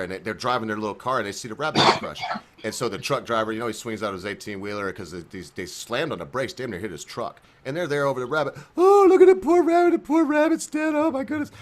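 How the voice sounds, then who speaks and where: A man hosting a show, tipsy from drinking, telling crude jokes in a rambling, animated way. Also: fairly low pitch. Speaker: host. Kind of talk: drunken joke-telling.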